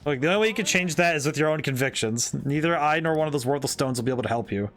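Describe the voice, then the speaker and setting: Earnest young female fortune teller, read by a man in his own voice, calm and sincere, slightly high-pitched. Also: rapid-fire, soft background music.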